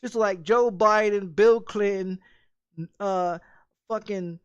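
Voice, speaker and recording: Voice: medium pitch, steady tone, slow pace, clean tone, dull audio. Angry streamer, profane, repetitive ranting, mid-range voice. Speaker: game streamer. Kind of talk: angry profane rant during a game stream.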